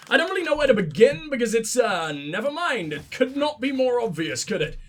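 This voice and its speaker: High-voiced, sweary let's play host. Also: male voice, normal speed, soft background music. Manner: sweary, sarcastic, excitable. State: sick, stuffy-nosed. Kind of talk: gameplay commentary.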